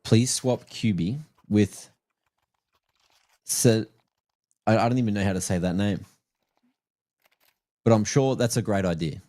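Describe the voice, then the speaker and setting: A man's voice: lowish voice, a little slow, pauses often, mellow. A man casting a live esports match with play-by-play and playful, teasing asides. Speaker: esports caster.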